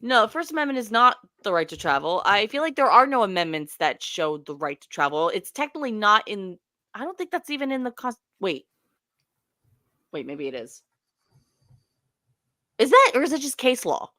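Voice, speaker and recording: Animated young woman co-hosting a livestream. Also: medium pitch, brisk, no echo, clean studio sound. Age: young adult. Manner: animated, profane, laughing asides to viewers. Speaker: livestream co-host. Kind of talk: casual commentary chat.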